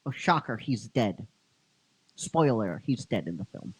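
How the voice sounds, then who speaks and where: Low, animated, slow-talking male storyteller. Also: husky. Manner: rambling, laughing, teasing his cohost. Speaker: storyteller narrating a fan script. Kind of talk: casual story retelling.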